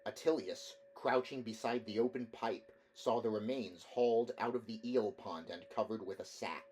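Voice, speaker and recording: A man reading a novel aloud as an audiobook, measured narration with occasional slips and restarts. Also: fairly low pitch, darkish tone, a little hiss or hum, low-quality recording. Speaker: audiobook reader.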